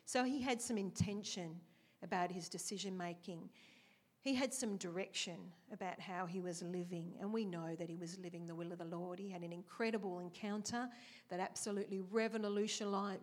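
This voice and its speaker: A woman's voice: mid-range voice, steady tone, normal speed. Woman w/ giving a casual chatty sermon, lots of stories and questions. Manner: chatty, asks the congregation questions, acts out quotes. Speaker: preacher. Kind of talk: conversational sermon with storytelling.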